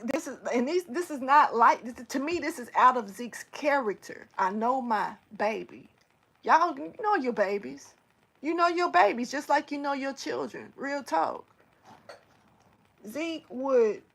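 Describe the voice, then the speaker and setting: A woman spiritual reader with a high-sitting voice tells a story casually to her camera. She's animated and slangy, swearing and speaking directly to her viewers.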